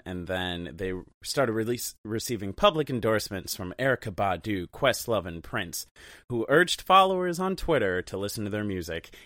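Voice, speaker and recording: A man's voice: sits low, a bit bright, no echo, studio quality. A man co-hosting a casual music podcast, joking and laughing often as he reads out band facts. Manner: laughs often, fillers, jokey asides. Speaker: podcast co-host. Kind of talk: casual chat.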